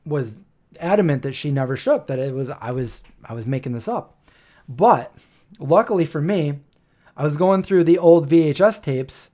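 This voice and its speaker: A man's voice: on the high side, mellow. A man in his forties hosting a live stream, telling rambling family stories and acting out the dialogue. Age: 40s. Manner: anecdotal, acts out quoted dialogue.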